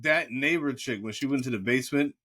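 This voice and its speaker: Bright, dry-voiced man reviewing old movies. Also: mid-range voice, fairly quick, breathy edge, no room sound. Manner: animated, profane, laughs often, retells scenes in voices. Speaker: podcast co-host. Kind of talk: casual movie review chat.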